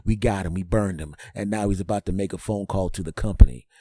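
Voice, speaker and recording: A man's voice: low voice, fast, dark tone, no echo. A sinister, gloating male smartphone, played by a man telling a comic story, reporting back in a conspiratorial tone. The voice is dry and close.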